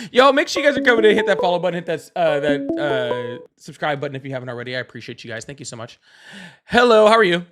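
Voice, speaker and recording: Brief: man from the US South, a bit high-voiced, hosts a live call-in, teasing and repeating himself. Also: big pitch swings, fast, over loud music. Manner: laughing, repeats words, teasing. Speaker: livestream host. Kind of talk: casual live call-in chat.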